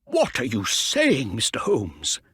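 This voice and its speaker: A man voicing an excitable older male racehorse owner who exclaims loudly. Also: sits high, slow pace, no room sound, clean studio sound, pitched above the performer's own voice, heavily acted. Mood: puzzled.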